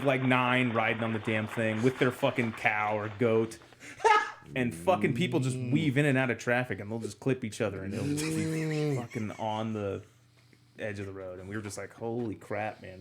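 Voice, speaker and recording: A man's voice: medium pitch, animated, normal speed, a bit bright, slight background noise. A man co-hosting a podcast, telling a travel story casually, swearing freely and using a lot of filler words. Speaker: podcast co-host.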